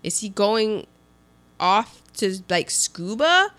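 Animated woman retelling a film. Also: medium pitch, slow pace. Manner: animated, acts out lines with restarts. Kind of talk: casual chat retelling a film.

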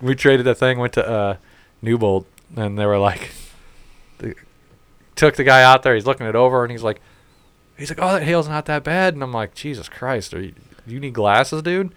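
A man's voice: medium pitch, normal speed, long pauses, smooth, no echo. A man telling stories in casual chat, swearing freely and acting out what others said. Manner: profane, animated storytelling with quoted voices. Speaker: storyteller in casual conversation.

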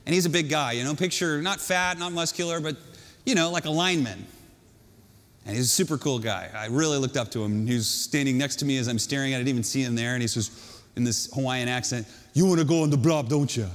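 A male pastor preaching a sermon, telling a story in an animated, self-mocking way. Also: medium pitch, quick pace. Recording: long hall reverb.

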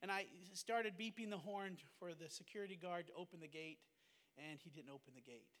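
A man's voice: high-pitched, fairly quick, fairly bright tone, big-room sound. A man, a pastor and missionary, earnestly telling a personal testimony in a fervent, emotional way. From United States.

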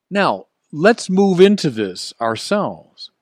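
A man preaching a sermon at an unhurried, deliberate pace. His delivery is earnest and emphatic, and he lifts his voice to drive points home. The recording is close and dry. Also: mid-range voice, expressive, no echo. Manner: earnest, emphatic, with rising emphasis and soft chuckles.

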